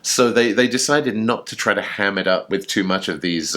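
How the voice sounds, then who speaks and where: A man with a very low voice chats casually as a show co-host. He tells his story with eager enthusiasm and plenty of fillers. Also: normal speed, hardly any pauses, pushed and bright. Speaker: podcast co-host. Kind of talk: casual chat.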